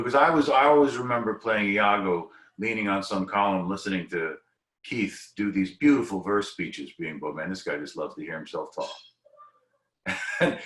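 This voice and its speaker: A man's voice: on the low side, fairly bright tone. A man in his fifties, an actor on a discussion panel, reflecting thoughtfully and rambling with restarts over a video call. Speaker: actor guest. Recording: echoey room.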